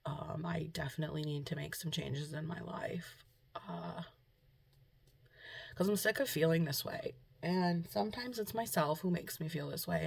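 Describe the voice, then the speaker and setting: A young woman vlogging at home, talking softly and hesitantly with many pauses, emotional and close to tears. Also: deep voice, vocal fry, slightly rough. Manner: soft, hesitant, full of ums and trailing off. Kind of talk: casual confessional vlog talk. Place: at home, indoors.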